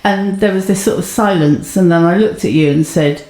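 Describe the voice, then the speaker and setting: A woman's voice: fairly low pitch, normal speed, darkish tone, reverberant. A woman co-hosting a podcast, telling a story in casual chat and acting out quotes, laughing often. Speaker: podcast co-host.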